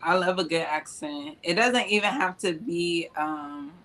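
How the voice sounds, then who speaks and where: A woman's voice: lowish voice, measured pace, fairly bright tone. A woman on a podcast panel chatting eagerly in casual conversation. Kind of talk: casual chat.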